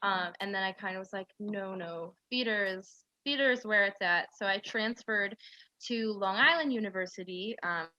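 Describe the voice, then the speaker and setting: A woman's voice: mid-range voice, moderate pace, sharp tone, dry recording, dull audio. A woman in her twenties from central New York, telling a rambling story full of "like" fillers as an interview guest. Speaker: guest, aspiring actress. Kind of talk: casual interview chat.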